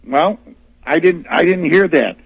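A man's voice: a little high, breathy edge, dry recording. A male caller to a radio show, speaking hesitantly with many restarts. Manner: hesitant, halting, full of restarts. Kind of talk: call-in radio. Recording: dull lo-fi phone line.

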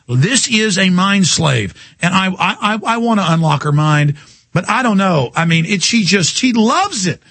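Husky, sharp-toned ranting radio host man. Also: dry recording. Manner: mocking, combative, shifts pitch sharply for effect. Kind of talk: heated on-air rant.

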